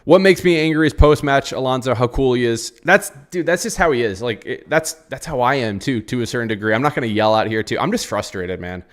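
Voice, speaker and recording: A man's voice: medium pitch, animated, a little fast, few pauses. Frustrated man reacting to football. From United States. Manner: frustrated, rambling, repeats phrases, answers chat. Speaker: football channel host. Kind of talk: live post-match reaction reading chat.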